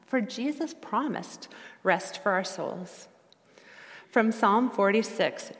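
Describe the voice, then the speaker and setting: A woman's voice: medium pitch, expressive. Earnest woman preaching in reverberant church. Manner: earnest, reflective, slows for quoted scripture. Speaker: lay preacher. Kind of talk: sermon.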